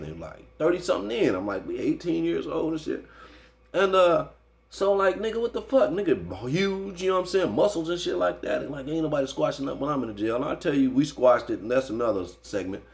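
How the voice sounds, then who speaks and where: A man's voice: on the high side, fast. A man telling a story in an interview, in casual, slangy, profane speech, often adding "you know what I'm saying.". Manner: animated when recounting the fight. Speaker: interview guest.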